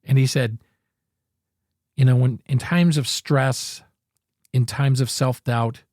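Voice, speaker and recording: Earnest male podcast host, casual motivational talk, rambles and corrects himself, mid pitch, dead-dry room. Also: fairly even intonation, slow, a little mellow, no echo.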